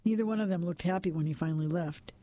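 A man voicing a gruff, matter-of-fact mustached barroom informant. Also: high-pitched, quick pace, warm tone, dry recording, lightly acted. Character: mustached middle-aged male barroom informant.

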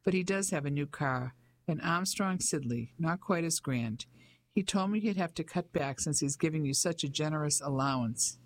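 A man's voice: a little high, moderate pace, natural voice. An audiobook narrator voicing a genial young Englishman who talks in a cheerful, clipped way.

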